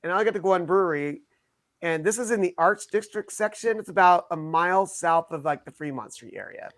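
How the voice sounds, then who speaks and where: High-voiced man chatting on a podcast. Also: animated, a bit bright, no echo. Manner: chatty, joking, quick asides. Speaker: podcast co-host. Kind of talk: casual chat.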